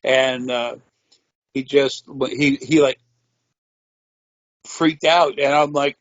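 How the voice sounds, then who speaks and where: A man's voice: medium pitch, fairly even intonation, slow, pauses often, dry recording, lo-fi sound. A man telling a rambling personal story in a matter-of-fact way, with frequent swearing. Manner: meandering, profane, matter-of-fact. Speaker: interviewee.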